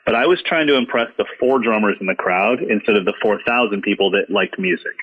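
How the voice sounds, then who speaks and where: Low-voiced man telling stories, lo-fi sound. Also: fast, slightly rough. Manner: earnest, reflective, self-deprecating. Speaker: drum educator, podcast guest. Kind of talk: casual storytelling conversation.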